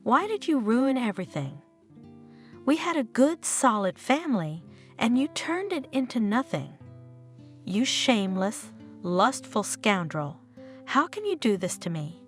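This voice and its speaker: A furious betrayed wife, as a storyteller puts her on, hurling indignant outbursts in a high, swooping voice. Her pitch leaps all over as she rails. Soft guitar plays behind. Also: very animated, measured pace. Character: furious betrayed wife, young adult woman.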